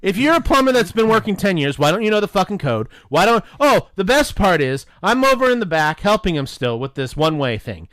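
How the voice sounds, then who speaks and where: Among friends on a podcast, a male co-host animatedly tells a crude story about work, performing the dialogue himself. He talks fairly quickly with few pauses in a high voice, captured as a dry, clean studio recording.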